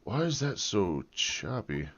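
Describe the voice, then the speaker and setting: A man's voice: on the low side, very animated, slow, fairly bright tone, muffled recording. Rambling, joking American man streaming. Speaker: livestreamer. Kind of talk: live-stream chat while video editing.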